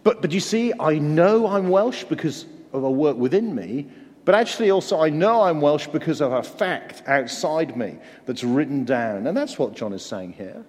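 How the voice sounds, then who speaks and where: Preaching at a moderate pace, an Englishman with a fairly high, somewhat mellow and expressive voice keeps his sermon earnest and conversational, poking fun at himself along the way. Long hall reverb fills the recording.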